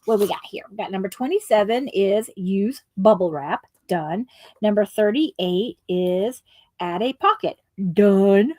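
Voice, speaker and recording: A woman's voice: mid-range voice, animated, unhurried, a little mellow, no room sound. A woman chatting casually on a craft livestream, rambling with lots of ums and asides to her viewers.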